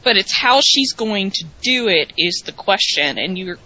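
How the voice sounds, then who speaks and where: A woman's voice: medium pitch, expressive, measured pace, sharp tone, lo-fi sound. A woman co-hosting a casual wrestling recap podcast, chatty and thinking aloud with restarts. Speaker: co-host.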